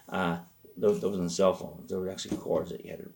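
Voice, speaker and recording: Male host, low and gravelly, rambling storyteller with deadpan asides. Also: brisk. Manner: rambling, self-interrupting. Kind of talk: comedic storytelling.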